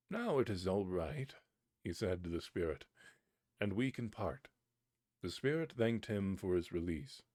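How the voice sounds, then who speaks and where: A man reading an old fairy tale aloud on a live stream, unhurried, lightly voicing the characters' lines. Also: low-pitched, darkish tone, no echo, studio quality. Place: home streaming setup.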